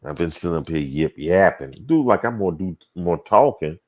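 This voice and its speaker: On his casual talk show, run as a livestream chat, a man reads viewer comments aloud and ponders them with hums and sighs. His voice sits low and sounds expressive at a normal speed.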